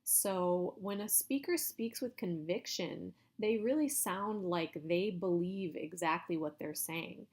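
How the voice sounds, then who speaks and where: A woman instructor explaining public speaking delivery in a recorded video lecture, in a steady teaching tone with some hedging. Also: lowish voice, slow, hardly any pauses. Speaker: college instructor.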